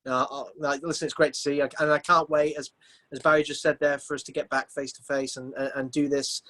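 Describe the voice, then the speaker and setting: A man chatting on a video call as a guest poet, friendly and a little halting. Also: on the high side, level tone, bright, forceful tone. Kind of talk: casual video call chat.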